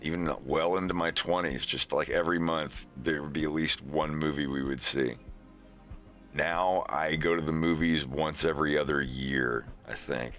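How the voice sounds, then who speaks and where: A man's voice: rumbling low, steady tone, normal speed, fairly bright tone, faint music behind. A man streaming, chatting casually in a rambling, sarcastic way and laughing often.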